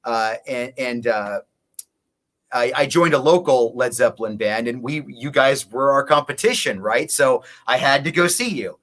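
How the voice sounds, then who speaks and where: A man's voice: medium pitch, moderate pace, a bit bright. Rambling man telling a story. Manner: rambling storyteller with many restarts. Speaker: guest musician. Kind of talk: casual interview chat.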